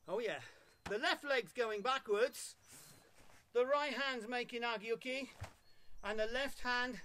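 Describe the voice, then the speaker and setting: A man teaching a live online karate class, calling counts and short commands between calm explanations. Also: very high voice, a little hiss or hum. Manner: barks counts loudly, coaching in short commands. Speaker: karate instructor.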